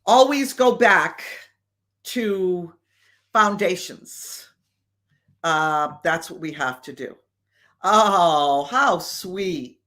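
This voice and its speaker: Woman host, unhurried speech, bright tense tone, casual live-stream chat, lots of fillers. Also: fairly low pitch, animated. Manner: slow and deliberate, with many fillers. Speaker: show host answering viewer questions.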